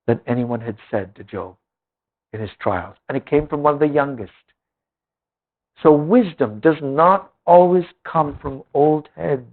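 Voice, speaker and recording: A man teaching a Bible class, reading scripture aloud and then explaining it with emphasis. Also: medium pitch. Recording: tinny lo-fi phone-like old recording.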